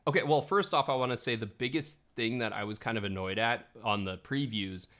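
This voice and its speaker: A man's voice: mid-range voice, brisk, a bit bright. A man co-hosting a podcast, chatting animatedly about films, laughing often and filling his talk with "like". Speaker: podcast co-host. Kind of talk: casual film-discussion chat.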